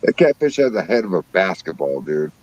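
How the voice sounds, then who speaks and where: Talking fairly quickly in a deep voice, this man swaps fishing tales as a guest in a casual chat. He's an animated storyteller who swears freely and brims with enthusiasm, and the recording has its highs cut off.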